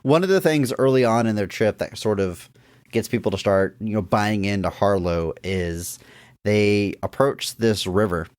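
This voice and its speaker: Low-voiced man recapping a comedy film. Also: moderate pace, no room sound, clean studio sound. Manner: animated retelling of scenes, acts out quotes with laughs. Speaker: podcast co-host. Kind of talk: casual movie-review chat.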